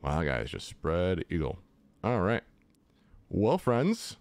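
Lively, chatty young man gaming. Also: fairly low pitch, a little slow, no echo. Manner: chatty, jokey, talks to enemies. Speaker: gaming channel host. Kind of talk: casual let's-play commentary.

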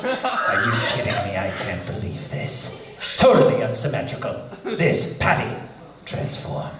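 A man's voice: medium pitch, huge pitch swings, measured pace, pitched below the performer's own voice. A man voicing a prim young male death god who is fixated on symmetry, with fussy, scandalized outbursts. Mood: appalled. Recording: echoey convention hall, crowd.

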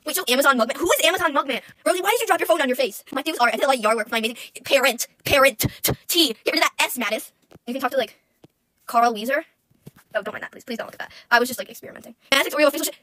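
Fast-chattering high-voiced young woman streamer. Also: pushed and bright. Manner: rambling, giggly, talks to chat. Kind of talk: casual stream chat.

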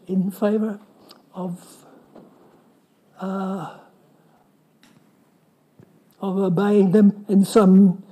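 A man asking a question as a resident at a council meeting, halting and restarting often. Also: high voice, dark tone, low-quality recording. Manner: halting, with many restarts and fillers. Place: council chamber.

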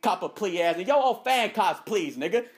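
A man roasting another player over voice chat, loud, profane and taunting. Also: high-pitched, animated, brisk. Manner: profane, taunting, shouty insults. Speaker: gamer recording a party chat roast. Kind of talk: heated trash talk in voice chat. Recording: roomy echo.

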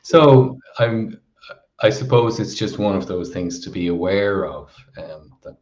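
An Irish man co-hosting a live Q&A, reading out viewer questions in an affable, measured way. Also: lowish voice, expressive, a little mellow. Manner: affable, measured, reads questions aloud slowly. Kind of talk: casual live Q&A chat. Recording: dull lo-fi stream audio.

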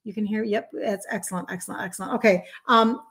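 A woman's voice: medium pitch, fairly even intonation, quick pace, a bit bright. Chatty Minnesotan woman hosting a live stream. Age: 50s. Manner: chatty, greets viewers and answers comments on the fly. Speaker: host, health coach. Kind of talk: live-stream chat with viewers.

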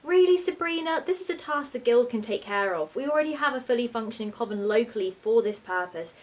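A woman voicing a fussy, panicky witch who pleads and squeaks when upset. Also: lively intonation, a little fast, far from the mic. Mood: pleading.

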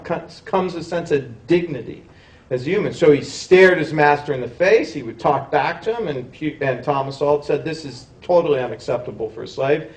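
A man's voice: fairly high pitch, darkish tone. A man, a history professor, giving a public lecture, talking in a discursive way with frequent restarts and self-corrections. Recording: roomy hall, mic at a distance.

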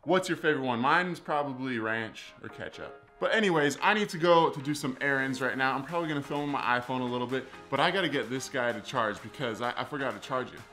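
A man's voice: mid-range voice, quick pace, hardly any pauses, pushed and bright, faint music behind. A man in his twenties chatting casually to camera as a vlogger, playfully overdramatic and jokey. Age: 20s. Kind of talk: casual vlog chat to camera.

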